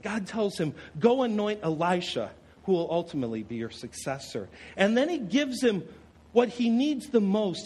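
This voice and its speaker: A man preaching a sermon to a congregation, expressive, with rhetorical questions and dramatic pauses. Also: high-pitched, breathy edge, rough recording. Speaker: pastor.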